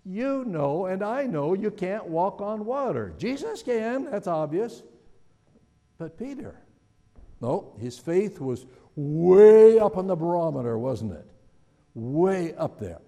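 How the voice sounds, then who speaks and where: A man preaches in an easy, conversational manner, often stopping to wonder aloud and put questions to his listeners. His voice sits a little high for a man and swings widely in pitch. The sound carries the long reverb of a large hall. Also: very animated, takes it slowly, dark tone. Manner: conversational, musing, asks the audience questions. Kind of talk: sermon.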